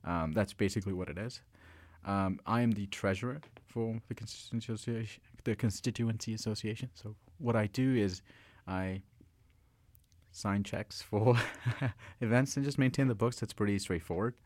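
A man's voice: fairly low pitch, normal speed, a little mellow, no room sound. A man co-hosting a podcast in casual chat, playful and teasing, often stumbling over his words. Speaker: podcast co-host.

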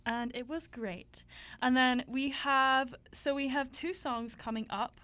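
A woman's voice: sits high, fairly even intonation, measured pace, pushed and bright. A young woman co-hosting a campus radio show, chatting casually and playfully with lots of fillers. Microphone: studio microphone.

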